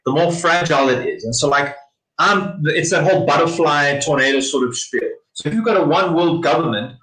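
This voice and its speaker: A man's voice: a little high, brisk, fairly bright tone. A man appearing as a podcast guest, making his points casually and with some swearing. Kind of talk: casual chat. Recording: roomy echo.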